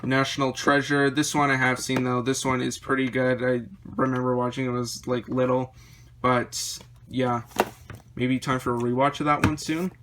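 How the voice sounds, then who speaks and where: Guy going thru his movie shelf, kinda flat voice, bit hoarse, faint hiss behind. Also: medium pitch. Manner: rambling, listing titles with quick opinions. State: slightly losing his voice. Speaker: movie collection vlogger. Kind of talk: casual chat showing a collection.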